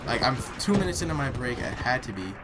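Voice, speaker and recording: A young man rants bluntly and swears freely as he recounts a rough day, talking casually at home. His voice sits at an ordinary pitch for a man. A clear hiss of noise runs under the recording. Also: sing-song, fast. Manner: blunt, heated and profane. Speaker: vlogger. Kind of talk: casual storytime while gaming.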